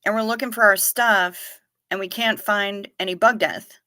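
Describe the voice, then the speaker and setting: A woman chats on her livestream, her voice bright and forward. She rambles, trips over restarts and swears freely while she answers viewers. The sound is dry and close, with no room around it. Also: medium pitch, normal speed, dry recording. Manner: rambling, stammering restarts, profane and animated. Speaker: livestream host. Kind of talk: casual chat reading viewer comments. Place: home, livestream without camera.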